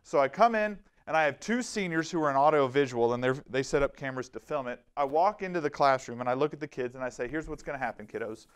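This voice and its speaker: A man giving a lively, animated safety presentation to a live audience, telling stories and acting out quotes. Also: medium pitch, fast talker, hardly any pauses, smooth. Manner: energetic, animated, storytelling with acted-out quotes. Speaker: safety trainer.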